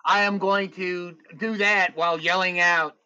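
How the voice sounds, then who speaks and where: A man's voice: high voice, steady tone, unhurried, a crowd in the background. A man playing in a tabletop game, hesitant and full of questions, on a dull lo-fi mic. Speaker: player.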